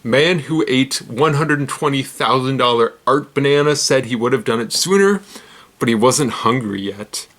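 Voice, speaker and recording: A man hosts a casual roundup of odd news stories at an ordinary mid pitch. He rambles, fumbles names and restarts his sentences. He giggles at his own lines and makes fun of himself. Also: lively intonation, moderate pace, fairly bright tone. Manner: rambling, giggly, self-deprecating. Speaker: host.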